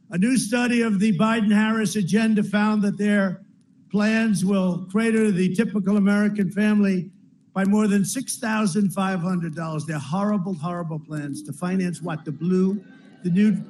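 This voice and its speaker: Male politician at a rally, higher voice than most men, talks in loose repetitive riffs and turns to the crowd often. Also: a little mellow, a little hiss or hum, low-quality recording. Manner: rambling, repetitive, with asides to the crowd. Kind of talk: campaign rally speech. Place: large rally venue.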